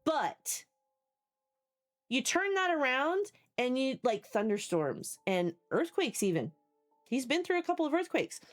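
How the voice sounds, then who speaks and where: Chatty woman streamer, lively swing. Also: sits high, measured pace, soft background music. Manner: rambling, swears freely, laughs often, greets chat by name. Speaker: live streamer chatting with viewers. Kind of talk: casual chat. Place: home basement.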